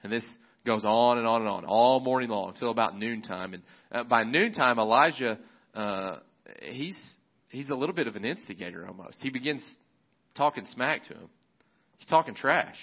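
A man's voice: mid-range voice, animated, moderate pace. A male pastor preaching a sermon in a casual, conversational storytelling manner. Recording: slightly muffled recording.

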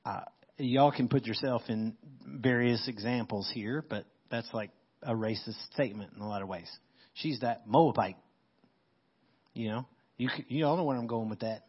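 A man's voice: mid-range voice, moderate pace, husky, highs cut off. A male pastor preaching a sermon, reading scripture and explaining it in casual, conversational terms. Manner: conversational, paraphrases verses in casual modern speech.

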